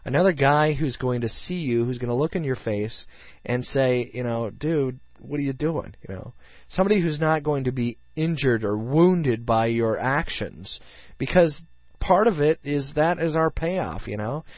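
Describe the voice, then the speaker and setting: A man's voice: mid-range voice, lively intonation, moderate pace, dry recording. A man hosting a casual faith podcast, talking earnestly and rambling with many fillers, recorded in a dull, lo-fi way. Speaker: podcast host. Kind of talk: casual faith talk show.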